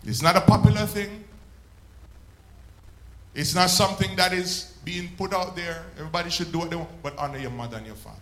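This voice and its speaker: A male pastor preaches in a high, bright, ringing voice. He swells up and then stretches words out slowly for emphasis. The sound bounces around an echoey church room. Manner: preaching with sudden swells and slow drawn-out emphasis. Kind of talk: sermon.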